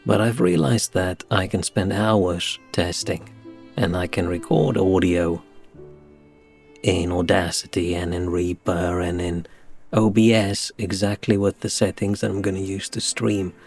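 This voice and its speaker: Low slow gravelly guy rambling on his game stream, sighs a lot, kinda mumbly, desk mic at home. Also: fairly even intonation, soft background music. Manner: rambling, sighing, self-deprecating; soft, slightly mumbled delivery. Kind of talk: casual live-stream chat before gameplay. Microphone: desk microphone with compressor and equalizer.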